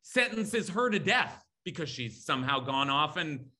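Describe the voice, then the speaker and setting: Guy teaching bible stuff, high bright voice, keeps repeating words for emphasis. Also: very animated, moderate pace. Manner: emphatic, repeats key words, reads Hebrew terms aloud; thinks aloud with fillers and self-corrections. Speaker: Torah teacher. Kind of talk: animated biblical lecture.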